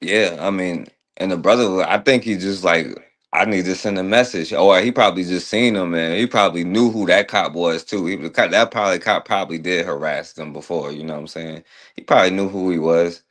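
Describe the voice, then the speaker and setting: A man with a very low, deep voice hosts a casual talk radio show. He speaks loosely and conversationally, reacting and pulling his co-host into the discussion. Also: a little fast, fairly bright tone. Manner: loose, conversational, asks co-host's view.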